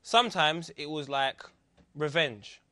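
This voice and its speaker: A man with a London accent on a comedy football panel, talking in a deadpan way with jokey asides. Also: fairly high pitch, takes it slowly. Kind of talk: casual comedy chat.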